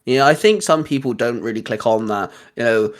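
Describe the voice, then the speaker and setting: A man's voice: medium pitch, normal speed. A man hosting a podcast, telling stories animatedly and acting out quoted lines. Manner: animated storyteller, acts out quotes. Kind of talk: casual chat. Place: lives in the UK.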